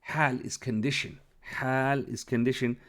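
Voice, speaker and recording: A man's voice: medium pitch, fairly even intonation, unhurried, fairly bright tone. A man who is not a native Arabic speaker, teaching Arabic vocabulary patiently and often checking understanding with an "okay?". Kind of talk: explaining a lesson.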